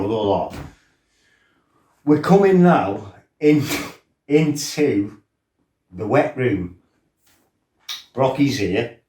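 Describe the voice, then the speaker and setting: A middle-aged man telling stories from his fighting past, swearing freely and acting out his own outbursts. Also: mid-range voice. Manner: swearing, animated, acts out his own shouting. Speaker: former fighter telling his life story. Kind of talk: casual storytelling. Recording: roomy, from a distance.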